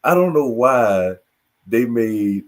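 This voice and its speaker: A man in casual group chat, loose and joking with quick asides. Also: medium pitch, expressive.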